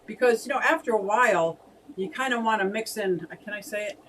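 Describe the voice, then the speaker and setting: A woman's voice: medium pitch, a little fast, fairly bright tone, far from the mic, a little hiss or hum, poor audio. A woman co-hosting a casual fish hobby live stream, chatting and laughing as she reads out viewer comments.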